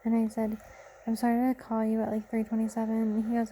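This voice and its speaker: A young woman rambles her way through a late-night vlog, tired and chatty, often breaking off and restarting her sentences. Her voice is fairly high yet mellow, with a gravelly edge. A faint hiss of noise sits under the recording. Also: completely flat delivery, a little fast. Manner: rambling, self-interrupting, chatty. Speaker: vlogger.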